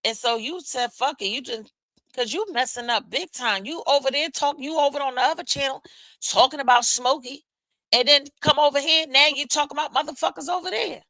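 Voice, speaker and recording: A woman's voice: high voice, fairly quick, pushed and bright, no echo, poor audio. A woman hosting a live stream, chatting casually with viewers in a loose, profane way with laughing asides. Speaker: livestream host.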